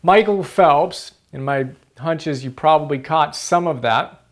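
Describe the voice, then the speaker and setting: A man's voice: a little high, measured pace. A man hosting a motivational book-summary video, earnest and emphatic, repeating key phrases for stress.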